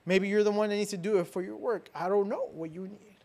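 A man preaching a sermon as a pastor, with emphatic repetition and rhetorical questions, swinging between loud declarations and soft, hushed lines. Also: high-pitched, steady tone, fast.

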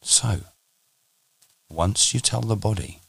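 A man teaching on a podcast, speaking in a measured, deliberate way and slowing down for emphasis. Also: lowish voice, lively intonation, vocal fry, a bit bright, slightly rough, no room sound. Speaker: meditation teacher.

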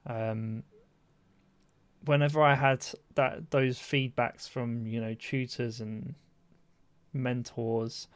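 A man co-hosting a podcast chat, speaking at a middle pitch in a relaxed, thinking-aloud way. The recording is dry and close, with no room sound. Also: takes it slowly, long pauses, clean tone, no room sound. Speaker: podcast co-host. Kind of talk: casual chat.

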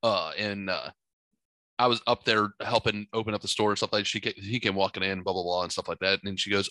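Bright-voiced man telling stories. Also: fairly low pitch, quick pace, no echo. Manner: rambling, animated storyteller. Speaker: podcast co-host. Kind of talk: casual storytelling chat.

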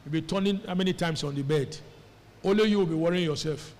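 Animated preacher, high voice. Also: male voice, fast. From Nigeria. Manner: animated, calls on the congregation to respond. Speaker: pastor. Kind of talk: sermon. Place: church hall. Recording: echoey church hall.

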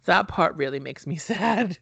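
A man's voice: high-pitched, animated, measured pace, creaky, fairly bright tone, slightly rough, dry recording. A man co-hosting a casual movie-review podcast, talking in a loose, rambling way with lots of "um" fillers. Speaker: podcast co-host.

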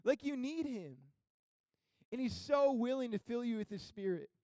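A young man preaching a sermon as pastor, conversational and casual, building to emphatic high peaks. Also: expressive, moderate pace, a little mellow, smooth, no echo, studio quality.

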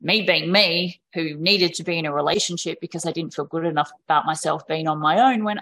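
Animated woman telling candid stories. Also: low voice, brisk, few pauses. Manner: animated, acts out quoted voices of parents and children; frank, swears casually. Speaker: podcast guest. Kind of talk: candid conversational storytelling.

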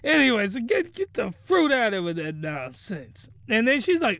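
High-voiced man, jokey rambling anime recapper, dry close sound. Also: big pitch swings, moderate pace, creaky, hardly any pauses, a bit bright, dry recording. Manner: rambling, incredulous, joking. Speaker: anime reviewer.

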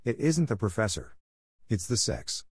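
A man's voice: lowish voice, wildly swooping pitch, normal speed, breathy edge, no room sound, clean studio sound, exaggerated voice. A man reading the part of a spirited young woman writer, speaking in clipped, indignant bursts. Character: spirited young woman writer, hot-tempered when crossed. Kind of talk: audiobook character reading.

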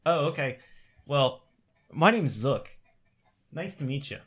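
A man voicing a tiny, cheeky adventurer in a tabletop game, in a high, giggly and bouncy voice. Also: animated, slow, a bit bright, slightly rough, exaggerated voice.

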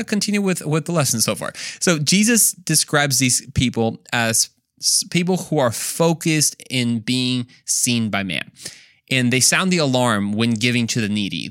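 A man's voice: medium pitch, fairly bright tone, no room sound, clean studio sound. A man hosting a Bible lesson podcast, earnest and emphatic, rising on key points and sometimes poking fun at himself. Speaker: Bible study podcast host.

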